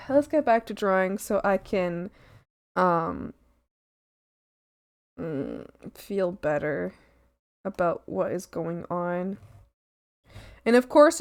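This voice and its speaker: A woman art streamer chatting casually with her viewers while she draws, excitable and giggly, often squealing and pleading with her chat. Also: mid-range voice. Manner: talks to chat and greets viewers by name.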